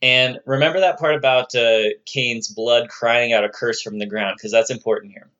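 Man, mid-pitched, explaining scripture in a relaxed lecture, somewhat dull recording. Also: moderate pace. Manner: conversational, occasionally puts on playful voices for quoted figures. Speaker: religious studies lecturer.

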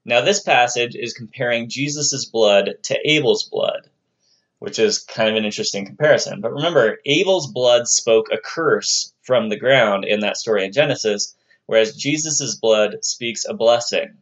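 A man's voice: mid-range voice, moderate pace, fairly bright tone, highs cut off. A man giving an explanatory lecture on religious texts, in a conversational tone with the odd playful aside. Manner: conversational, occasionally puts on playful voices for quoted figures.

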